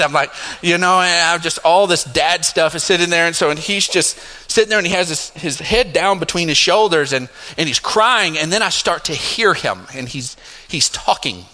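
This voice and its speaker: Middle-aged male pastor, high bright voice, animated storytelling sermon, long hall reverb. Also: normal speed. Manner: animated, laughing asides, rising to emphatic highs. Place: church sanctuary.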